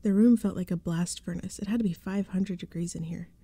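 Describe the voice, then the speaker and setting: Woman narrator for a soft-spoken ASMR reading, hushed and breathy. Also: lowish voice, steady tone, fairly quick, dry recording. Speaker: ASMR storybook reader.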